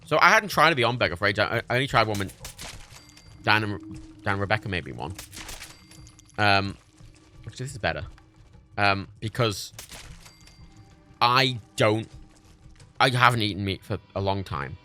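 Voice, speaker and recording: A man chatting casually while streaming a video game, swearing freely and jumping high in pitch when indignant. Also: animated, moderate pace, long pauses, sharp tone, soft background music. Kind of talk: casual gaming stream chat.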